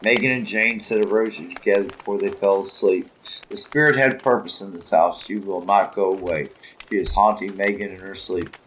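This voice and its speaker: A man narrating a religious story in a measured, solemn reading with occasional slips. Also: low-pitched, steady tone, fairly bright tone, slight background noise, low-quality recording. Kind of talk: scripted audiobook narration.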